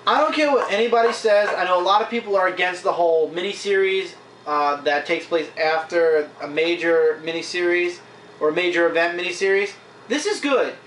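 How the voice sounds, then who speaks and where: A fairly high-voiced man talks casually through a stack of comics, recapping scenes with lots of fillers. The camera mic sits back from him in a roomy, echoing space with a faint hiss underneath. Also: fairly quick, a bit bright. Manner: chatty, retells scenes with frequent fillers. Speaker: comic book reviewer. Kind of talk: casual vlog review. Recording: echoey room, mic at a distance.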